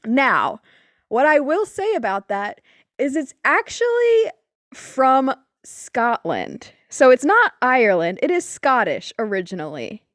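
A young woman co-hosting a podcast in casual chat, animated, swearing and laughing often. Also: high voice, slow, no room sound, studio quality. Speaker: podcast co-host.

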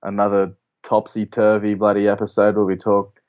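Male co-host, easygoing banter, low voice, muffled lo-fi recording. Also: completely flat delivery, a little mellow. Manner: easygoing, quick to laugh and egg on. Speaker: podcast co-host. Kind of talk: casual banter.

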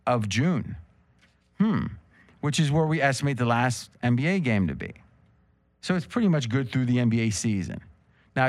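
A man's voice: mid-range voice, no echo. A man hosting a casual chat show, rambling and joking as he tells stories. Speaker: host.

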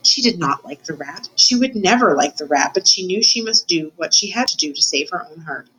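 A woman's voice: fairly low pitch, animated, fairly quick, a bit bright, slightly rough, low-quality recording. A woman reading a children's novel aloud, telling it expressively and voicing the characters herself. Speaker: reader.

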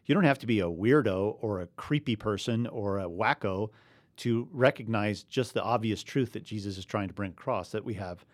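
A man's voice: lowish voice, moderate pace, dry recording. A man co-hosting a casual faith discussion, explaining earnestly and chuckling now and then. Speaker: podcast co-host.

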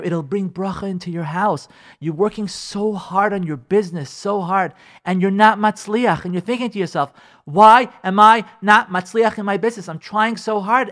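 A rabbi teaching a radio Torah class on marriage speaks in a fairly high, fairly bright voice. He is emphatic and repetitive, sprinkling in Hebrew and Yiddish terms and acting out the imagined voices of his listeners.

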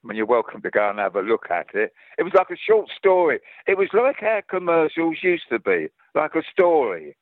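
Here's an older Cockney man from London, England, a guest actor rambling through anecdotes in casual chat, lively and often starting over. His voice is a little high and a little fast with few pauses, and the sound is phone-quality without echo.

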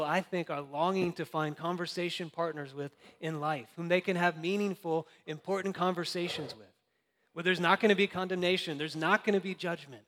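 A man's voice: fairly high pitch, a bit bright, big-room sound. A young adult man preaching a sermon, earnest and conversational with light laughs. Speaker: pastor.

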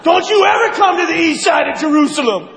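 A man's voice: sits high, flat delivery, normal speed, crowd noise, noisy background, voice pushed down, natural voice. Laid-back hippie Jesus played by a man, sing-song, explodes in anger. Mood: furious. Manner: mellow sing-song, then furious shouting. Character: laid-back hippie Jesus who loses his temper. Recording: live in a large hall with audience.

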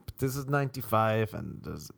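A man's voice: lowish voice, animated, normal speed, gravelly, dry recording. An Irish man telling a rambling, sweary comic story as host of his show. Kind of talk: comic monologue.

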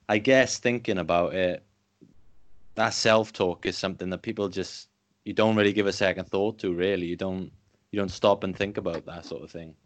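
A man co-hosting a podcast who reacts to the guest and thinks aloud as he talks. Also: sits low. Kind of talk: conversational response.

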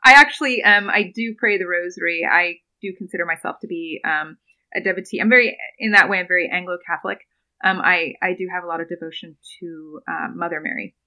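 Her voice is lowish, brisk, bright, and forceful as this young biblical studies doctoral student, a podcast guest, earnestly recounts a scripture story. Ums and small laughs come often, and the recording quality is rough.

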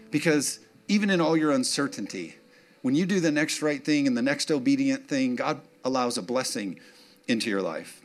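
A pastor with a voice on the high side preaches a conversational, emotional sermon, tossing laughing asides to the congregation.

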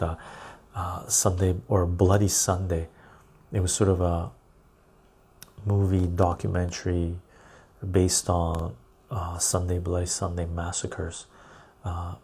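A man's voice: low-pitched, a little mellow, breathy edge. A man hosting a live stream, chatting casually and rambling as he reads out and answers viewer comments.

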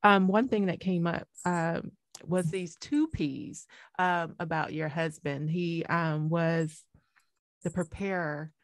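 A woman interviewing a guest, warmly affirming her and reflecting back what she shared. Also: fairly low pitch, fairly even intonation, slow, no room sound. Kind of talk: conversational interview.

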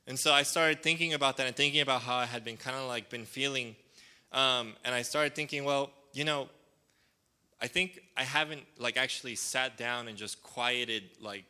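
A man's voice: mid-range voice, pushed and bright, clean tone. A male pastor preaching a casual, conversational sermon, rambling with lots of "like" and "um" and calling for responses from the congregation. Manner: rambling, full of fillers like "like" and "um".

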